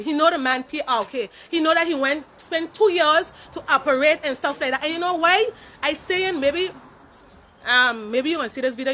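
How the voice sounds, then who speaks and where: A woman's voice: high voice, moderate pace, bright, forceful tone, lo-fi sound. A woman who works in a warehouse, protesting indignantly and emphatically and slipping into French mid-sentence. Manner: indignant, emphatic, mixing French into her English. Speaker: warehouse employee. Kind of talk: impassioned protest speech to camera.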